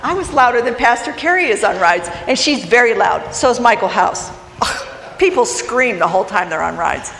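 A middle-aged woman giving a personal testimony from a church, telling her story in a slow, heartfelt way. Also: on the high side, vocal fry, roomy sound, big-room sound, a little hiss or hum, rough recording. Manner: storytelling, slow and heartfelt, lively in funny parts. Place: church sanctuary.

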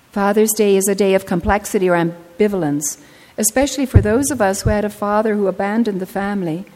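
An older woman pastor preaching a sermon, telling stories earnestly and slowing down to stress her points. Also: medium pitch, darkish tone. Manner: earnest storytelling, slowing for emphasis. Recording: long reverb of a large hall.

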